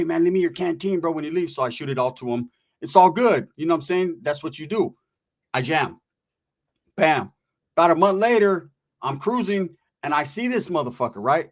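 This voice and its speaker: A man from California telling a story in casual chat, with rapid, profane, animated street slang. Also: fairly high pitch.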